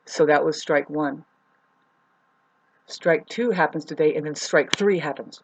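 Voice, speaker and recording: A woman's voice: deep voice, a little slow, rough recording. A woman telling a personal story to camera as a vlogger, rambling and restarting, heated and swearing. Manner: rambling, repeats herself, restarts often.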